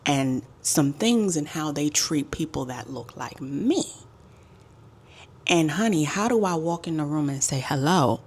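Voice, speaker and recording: A woman telling a casual storytime as a travel vlogger, with sassy, emphatic and animated delivery. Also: low-pitched.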